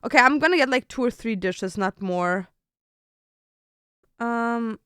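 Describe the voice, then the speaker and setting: Chatty young woman streamer, smooth voice. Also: a little high, lively intonation, unhurried, a bit bright, no room sound, clean studio sound. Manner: chatty, swears casually, thinks aloud while ordering food. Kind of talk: casual chat to stream viewers.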